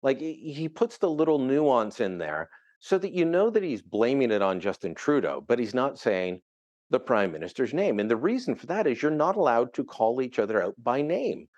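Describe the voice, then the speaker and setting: A middle-aged man from Canada talks through the news in a lively, conversational way. His pitch rises and falls a lot, and he slips into quick impressions of the people he quotes. It sounds like a relaxed interview segment. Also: no echo, dull audio. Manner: animated, conversational, mimics quoted voices. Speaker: political contributor.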